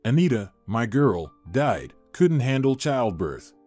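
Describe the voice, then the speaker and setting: A man voicing a grieving young man who speaks in a pleading, halting way. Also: medium pitch, very animated, a little mellow, soft background music.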